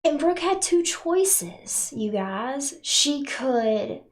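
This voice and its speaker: This spiritual channel host, a woman from North Carolina, delivers a heartfelt, earnest talk to her viewers, on the verge of tears. Her slightly high voice swings widely in pitch and moves very slowly, she keeps adding "right?", and she speaks of herself in the third person.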